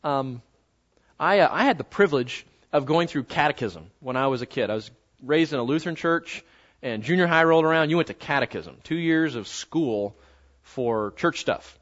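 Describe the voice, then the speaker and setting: A man preaching a sermon in a conversational, animated way, slowing down to stress key words. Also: on the high side. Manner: conversational, animated, slows down for emphasis. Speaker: pastor. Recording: dull lo-fi sound.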